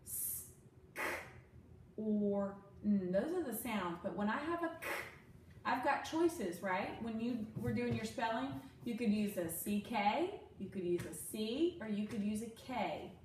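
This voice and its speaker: A woman's voice: on the high side, animated, moderate pace, slight background noise. Patient woman tutor in an echoey room. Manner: patient, step-by-step instructive prompting. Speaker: reading and spelling tutor. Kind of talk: one-on-one phonics lesson. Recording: echoey room from a distant mic with faint ambience.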